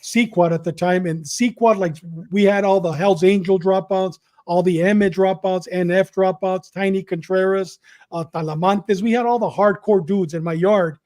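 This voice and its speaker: As a podcast guest recounting his story, a middle-aged man with a high voice tells it animatedly. He's from Southern California and retells quickly and repetitively, performing the quotes.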